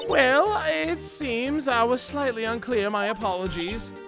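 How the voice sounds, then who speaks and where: A man's voice: very high-pitched, unhurried. A man reading game dialogue aloud, voicing a sassy young woman witness who sells boxed lunches, with a haughty, teasing manner. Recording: game music behind.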